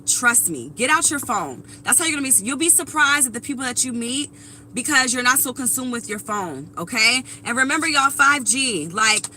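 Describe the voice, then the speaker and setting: Woman in her thirties, very bright voice, blunt, swears a lot, casual tarot live stream, faint hum behind. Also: high-pitched, low-quality recording. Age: 30s. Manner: blunt, profane, talks straight to viewers. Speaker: tarot reader.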